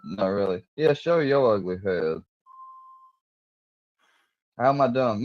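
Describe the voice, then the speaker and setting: A man's voice: lowish voice, lively intonation, takes it slowly. A man on a livestream, arguing in a combative, profane, mocking way. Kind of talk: heated livestream argument. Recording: dull lo-fi stream audio.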